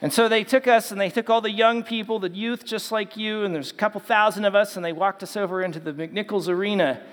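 High-voiced man preaching in a reverberant hall. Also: steady tone, quick pace, fairly bright tone. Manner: conversational storytelling, acts out quotes. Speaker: youth pastor. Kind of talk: sermon to young people.

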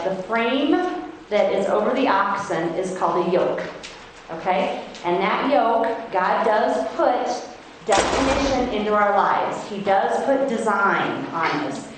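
A middle-aged woman from Iowa giving a devotional Bible talk at a women's conference, speaking earnestly and slowing down to read verses. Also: mid-range voice. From Iowa, United States. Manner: earnest, emphatic, reads verses slowly; self-described feisty. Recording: very echoey hall, faint noise.

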